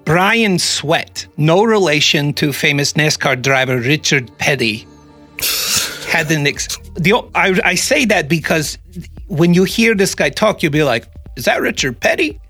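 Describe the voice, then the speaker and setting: A man's voice: a little high, a little slow, pushed and bright, breathy edge, faint music behind. A man hosting a casual true-crime podcast, joking and rambling, often restarting sentences. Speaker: podcast host.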